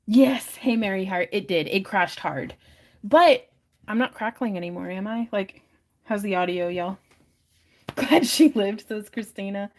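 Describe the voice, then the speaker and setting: A woman's voice: mid-range voice, a little mellow. A young woman hosting a live stream auction, chatting casually, giggling often and reading viewer comments aloud.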